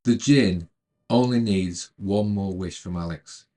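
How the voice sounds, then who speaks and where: A man narrating a retelling of a film's plot in a calm, measured way, then adding his own commentary. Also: low-pitched. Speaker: storyteller retelling a film.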